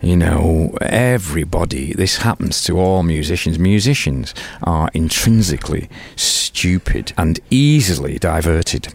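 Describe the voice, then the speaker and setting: A man's voice: low-pitched, lively intonation, a little slow, creaky, hardly any pauses. An older man with a British accent, talking as an interview guest. He tells stories animatedly, swears freely and acts out other people's lines. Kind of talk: casual interview storytelling.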